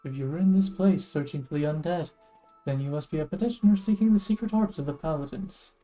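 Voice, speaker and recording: A woman's voice: deep voice, dark tone, close to an everyday voice, poor audio. Woman doing an old Southern paladin mentor. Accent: put-on Southern US. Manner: solemn, advising. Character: older male paladin mentor, earnest.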